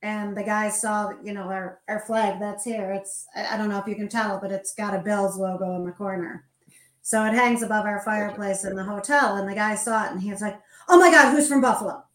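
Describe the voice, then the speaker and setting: A woman guesting on a podcast, telling an anecdote in a lively way. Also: medium pitch, brisk, roomy sound. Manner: lively anecdote teller who acts out quotes. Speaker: guest, hotel owner. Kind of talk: casual chat.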